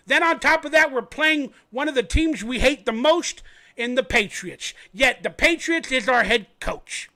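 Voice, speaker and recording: A man hosting a fan livestream, telling a story in an animated, rambling way. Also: very high voice. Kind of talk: casual sports commentary.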